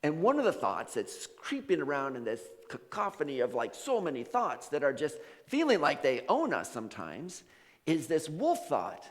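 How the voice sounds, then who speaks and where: Man, minister, storytelling sermon, lively pitch, echoing church hall. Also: moderate pace. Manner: animated, casual storyteller acting out voices. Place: church sanctuary. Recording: long hall reverb.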